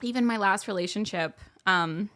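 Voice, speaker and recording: In a mid-range, bright, and forceful voice at normal speed, a young podcast co-host chats casually. Her talk is full of fillers and frequent laughter.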